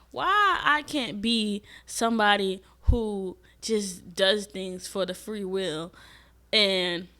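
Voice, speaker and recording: A young woman speaks straight to camera in a candid, reflective vlog. Her voice is bright and forward, and her talk is loose and profane, with sudden loud, emphatic bursts. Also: medium pitch. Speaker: vlogger. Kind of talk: casual reflective monologue. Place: Atlanta.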